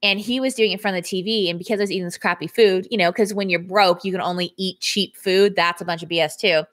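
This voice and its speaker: A woman's voice: steady tone, fast. Chatty woman fitness coach streaming live. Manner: chatty, candid, reads viewer comments aloud and thanks them; laughs often, voice swings up and down in pitch and loudness. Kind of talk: casual live stream to viewers. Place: indoors at home.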